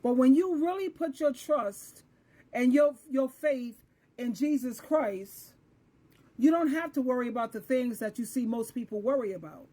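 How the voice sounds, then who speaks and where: A woman's voice: sits high, lively intonation, measured pace, warm tone. A woman hosting earnest, emphatic faith commentary in a conversational way. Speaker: host. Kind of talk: religious commentary.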